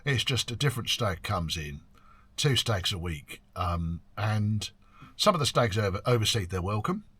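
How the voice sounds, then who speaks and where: In a casual year-end chat to camera, this older workshop owner and channel host looks back on his classic car work. He speaks on the low side at normal speed with a sing-song, bright, forceful delivery and a breathy edge, recorded dry, rambling along with ums and some mild swearing.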